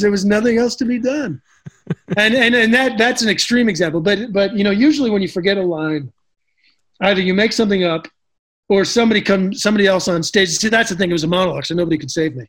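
A man's voice: high-pitched, brisk, fairly bright tone. A middle-aged man, an actor, telling stories in a casual interview, chatty with lots of restarts and fillers. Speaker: actor, guest.

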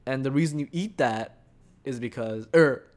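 A young man hosting a podcast, rambling casually with lots of swearing, swinging between quiet confessions and loud animated bursts. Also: medium pitch, moderate pace.

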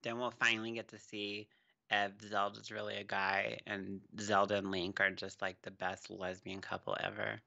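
A man's voice: on the low side, level tone, moderate pace, vocal fry, pushed and bright, highs cut off. A man co-hosting a podcast in casual chat, rambling and trailing off into fillers. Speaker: podcast co-host.

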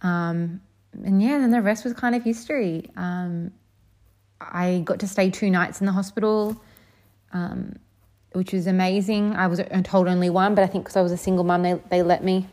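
A woman's voice: lowish voice, steady tone, moderate pace, a little mellow. A young woman vlogger casually telling a personal story, chatty and full of "um" and "like".

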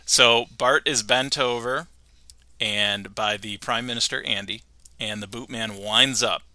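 A man hosting a podcast, recapping a cartoon episode with animated storytelling and frequent laughter. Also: mid-range voice, unhurried, no echo. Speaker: podcast host.

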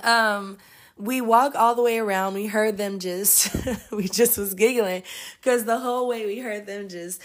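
Woman host, casual storytelling, laughs often, animated delivery, mid-range voice. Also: mid-range voice, normal speed. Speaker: podcast host and energetic healer.

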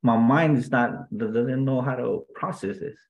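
A man with a gravelly, creaky voice at a middle pitch tells a personal story as an interview guest. He speaks earnestly and reflectively, stumbling through restarts and filler words as he searches for what to say. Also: highs cut off. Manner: halting, with many restarts and fillers.

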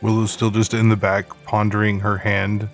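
A man with a low voice chatting casually as a player in a tabletop horror game. He describes his character plainly and checks the rules out loud, with soft music under him. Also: monotone, moderate pace. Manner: casual, asks rule questions.

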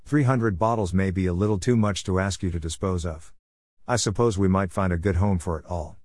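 A man's voice: low-pitched, fairly quick, darkish tone, natural voice. A man doing a polite office security man. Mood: deferential. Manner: courteous, deferential.

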